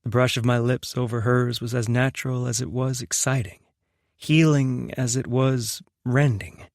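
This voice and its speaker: A young man narrating a romance audiobook in the first person, in a soft, unhurried, intimate way. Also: medium pitch, little pitch movement, dry recording, studio quality.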